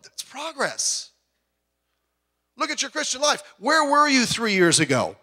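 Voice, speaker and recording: A middle-aged male pastor preaching with a high, bright voice. He is animated and jokes with the congregation. He sometimes breaks into loud outbursts. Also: measured pace. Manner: puts on voices when quoting people. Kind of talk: sermon.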